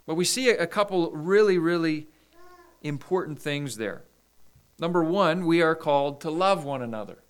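Man preaching in a clear, smooth voice. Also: on the high side, fairly bright tone. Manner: measured preaching with scripture readings and small restarts. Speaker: pastor. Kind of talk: sermon.

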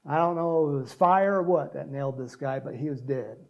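A man preaching a sermon, joking with the congregation and breaking into loud shouts to act out cheering crowds. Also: a little high, brisk, creaky, muffled recording. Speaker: pastor.

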